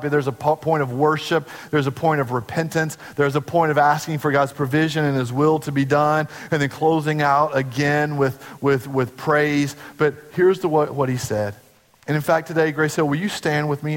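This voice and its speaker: A pastor preaching a sermon to his church, earnest and conversational, sometimes dropping to a hush. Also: fairly high pitch, in a large hall.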